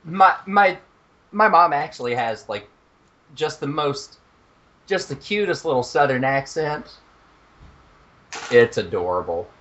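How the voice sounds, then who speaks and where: A young man co-hosting a podcast in casual chat, animated and profane, laughing at his own jokes. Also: on the high side, measured pace, pauses often, muffled recording. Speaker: podcast co-host.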